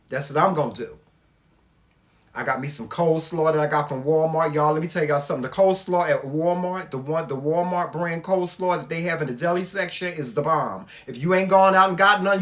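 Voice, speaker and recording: A Southern man talks in a slightly high voice, chatting casually with his viewers. He is animated and emphatic, and he swears freely as he goes. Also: a little fast. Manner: animated, emphatic and profane, addressing viewers directly. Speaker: vlog host. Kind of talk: casual couple chat.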